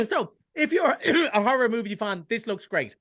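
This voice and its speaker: An Irish man reviewing films on a radio chat show, chatty and enthusiastic with quick jokes and asides. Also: very high-pitched, very animated, fairly bright tone. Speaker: cinema film reviewer. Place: radio studio.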